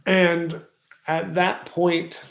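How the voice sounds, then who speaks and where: Gravelly-voiced man in an echoey room. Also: fairly high pitch, level tone. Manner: reflective, rambling, repeats affirmations slowly. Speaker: vlogger. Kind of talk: casual personal vlog storytelling.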